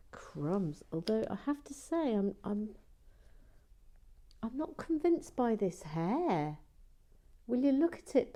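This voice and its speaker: A woman hosting a relaxed building vlog, chatty and playful, drifting into soft whispered asides. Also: low-pitched. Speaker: host of a brick-building channel.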